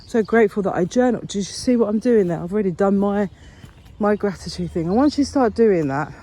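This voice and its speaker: A woman films a casual walk-and-talk vlog outdoors along a path, speaking at a medium pitch, expressively and fairly quickly, with a dark tone. She comes across as earnest and encouraging, rambling a bit as she walks.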